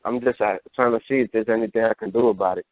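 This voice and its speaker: A man's voice: fairly low pitch, steady tone, no room sound. Hesitant male caller on a phone line. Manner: hesitant, halting and apologetic. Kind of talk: call-in conversation. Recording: dry, tinny phone line.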